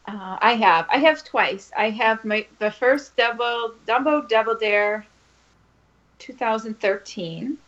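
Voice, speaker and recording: A woman's voice: a little high, slow, a bit bright. A woman co-hosting a running podcast, speaking earnestly and growing a little emotional as she recounts things. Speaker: podcast co-host. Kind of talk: casual chat. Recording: dull lo-fi podcast audio.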